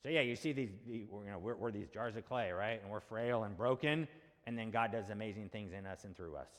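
A man's voice: lowish voice, fairly quick, fairly bright tone. A male pastor preaching a sermon in a conversational way, asking rhetorical questions and checking in with the congregation. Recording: long hall reverb.

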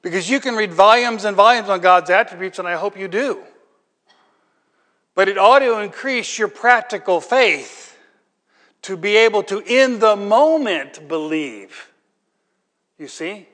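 A man with a high, light voice delivers a sermon as pastor. He talks conversationally and throws in rhetorical questions, then builds to emphatic, ringing peaks. His words trail off into the long reverb of a large church hall. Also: expressive, unhurried, pauses often, fairly bright tone.

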